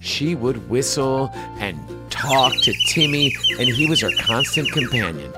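Over loud music, a man with a mid-range voice and measured pace co-hosts a comedic podcast. Reading out stories sent in by listeners, he keeps the delivery lively, adding playful jokes along the way.

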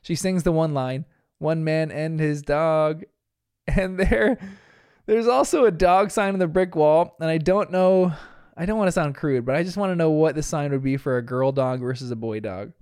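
A young man from New Jersey talks through a cartoon episode in a casual, chatty way, laughing often at his own asides. His voice sits a bit high and sounds smooth and clean. The recording is dry and close, with no room sound. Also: moderate pace, a little mellow, no echo. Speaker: podcast host reviewing a cartoon.

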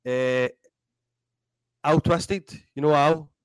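A Scottish man in his thirties, a DJ and comedian telling animated, sweary stories in a casual interview. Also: on the high side, extremely slow, clean tone, dry recording, low-quality recording. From Scotland. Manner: animated, swears freely, acts out voices in anecdotes. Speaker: guest DJ and comedian.

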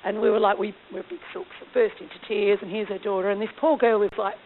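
A woman speaking at a mission conference, telling lively, self-deprecating stories. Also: mid-range voice, fast talker. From Australia. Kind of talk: storytelling talk. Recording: tinny phone-like lo-fi recording with faint hiss.

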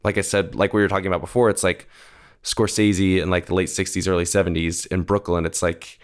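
A man's voice: deep voice, little pitch movement, brisk, clean tone. A young man co-hosting a film podcast, talking casually in a rambling way full of "like" and "um". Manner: rambling, full of "like" and "um", laughs easily. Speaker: podcast co-host.

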